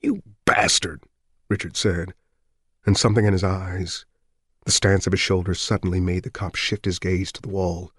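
A man narrates an audiobook in a steady, measured way. His voice is very low and deep. The recording is dry and close to the mic. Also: slightly rough, no echo. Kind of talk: scripted narration.

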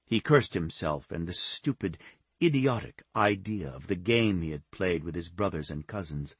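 A man narrates a romance novel in a steady, measured delivery. His voice sits low with a husky grain. The close mic gives a dry, intimate sound. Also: dry recording. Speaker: audiobook narrator.

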